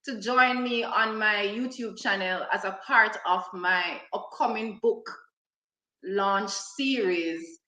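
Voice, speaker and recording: A woman hosting a live online interview, giving slow, warm introductions and laughing often. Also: medium pitch, roomy sound, rough recording. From Jamaica. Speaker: host.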